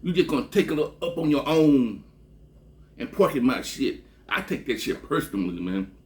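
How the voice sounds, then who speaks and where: A man from Texas spins a loose, cursing story straight to camera. His pitch sits at an ordinary middle height, and he keeps tagging phrases with a low, dropped "man." The talk is relaxed and conversational. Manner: profane, rambling, ends phrases with a drawn-out low "man". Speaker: vlogger. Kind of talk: casual storytelling monologue.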